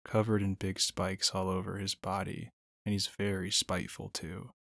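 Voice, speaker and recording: A man's voice: sits low, flat delivery, normal speed, vocal fry, a bit bright, no room sound, clean studio sound, exaggerated voice. A man reading a storybook, voicing an outspoken young female fawn in an eager, slightly boastful way. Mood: emphatic.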